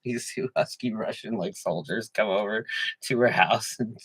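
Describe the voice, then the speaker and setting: A man with a bright, forceful voice co-hosts a casual comedy talk show. He jokes crudely, riffs on the news and slips into mocking impressions of other people. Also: fairly low pitch, normal speed, breathy edge. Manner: crude joking banter, mimics voices. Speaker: podcast co-host.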